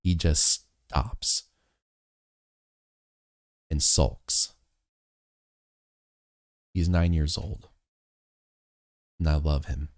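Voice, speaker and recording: A man in his thirties talking earnestly to camera, telling a family story in a measured, reflective way. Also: very deep voice, steady tone, no room sound, studio quality. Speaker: motivational vlogger.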